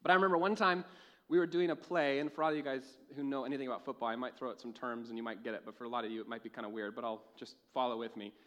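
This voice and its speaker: A young man preaching a sermon in a church, telling a lively personal story and laughing at his own jokes. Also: mid-range voice, very fast. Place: church with a live audience.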